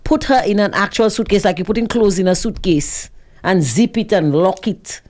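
A woman co-hosting a casual talk show, telling stories with animated emphasis. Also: mid-range voice, normal speed, a little hiss or hum. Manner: animated storyteller, retells quotes with rising emphasis. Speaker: co-host.

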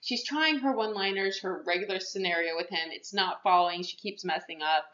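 A woman's voice: on the low side, a little fast, fairly bright tone. Woman, podcast host, rambling casual movie recap, echoey room, muffled sound. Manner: rambling storytelling with many fillers and restarts.

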